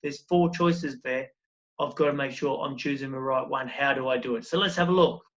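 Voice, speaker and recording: A man's voice: medium pitch, normal speed, fairly bright tone, lo-fi sound. A man teaching a recorded primary school lesson, explaining step by step and asking encouraging questions.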